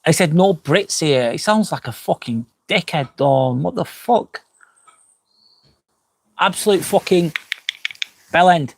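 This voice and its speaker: A slightly high-voiced man, tipsy from wine, chats through a live stream from beside an outdoor fire pit. He rambles, swears freely and keeps breaking off to apologise. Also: animated, slow, creaky, pauses often, breathy edge. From England. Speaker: live-stream host reading chat comments. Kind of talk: casual live-stream chat.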